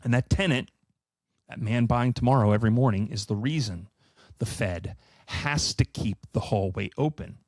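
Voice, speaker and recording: A middle-aged man giving an animated solo finance presentation, emphatic and sardonic with profane asides. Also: medium pitch, moderate pace, no echo. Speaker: finance commentator.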